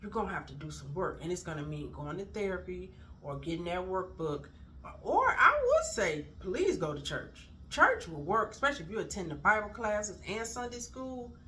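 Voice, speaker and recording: A middle-aged woman talks straight to camera in a casual motivational video, emphatic and preachy as she fusses at her audience. Her voice is bright and forward, and faint background noise sits under it. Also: on the low side, lively intonation, a little fast, hardly any pauses. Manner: fussing, emphatic, preachy encouragement.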